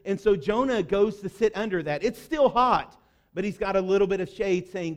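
A pastor delivers a sermon in an easy, chatty way, with a man's voice that sits high. He slips into quoted speech now and then and gets animated doing it. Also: moderate pace. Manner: conversational, animated preaching with acted quotes.

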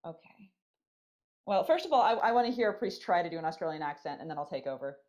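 A woman co-hosting a casual podcast. Her pitch rises and falls widely, and she teases the others and laughs easily. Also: racing. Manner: animated, teasing, laughs easily. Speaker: podcast co-host.

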